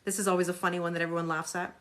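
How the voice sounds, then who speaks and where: A woman's voice: on the low side, flat delivery, very fast, fairly bright tone. A woman hosting a live tarot reading, talking casually with viewers in a sarcastic, chatty way and reading card meanings aloud.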